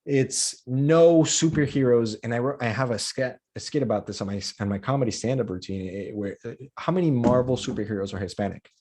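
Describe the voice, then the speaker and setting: A man's voice: mid-range voice, fairly quick, few pauses, dark tone. A man from Colombia who grew up in the U.S., speaking as a comedian guest on a podcast in casual conversation. He talks with passion and repeats words as he builds a point.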